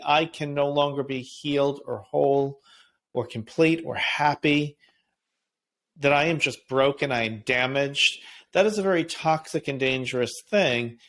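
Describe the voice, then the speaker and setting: A man who teaches yoga, talking in a thoughtful, measured way in a reflective spiritual conversation. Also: on the high side. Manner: thoughtful and measured, with soft laughs.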